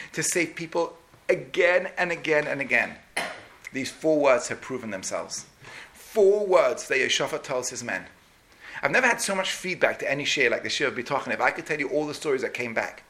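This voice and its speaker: A man's voice: medium pitch, vocal fry, pushed and bright. A man giving a storytelling sermon, dramatic and sweeping, with Hebrew terms woven in. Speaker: preacher.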